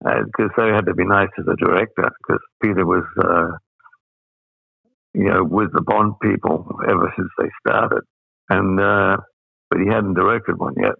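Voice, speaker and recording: An older man with an Australian accent, telling stories as an interview guest, rambling with many pauses and fillers. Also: deep voice, fairly even intonation, gravelly, slightly rough, no room sound. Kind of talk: anecdotal storytelling. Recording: dry, phone-like sound.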